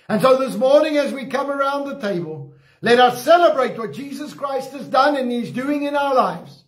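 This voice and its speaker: A man with an Eastern Cape South African accent preaching a communion sermon, slowing down to stress key phrases. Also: very high-pitched, animated, reverberant. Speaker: pastor.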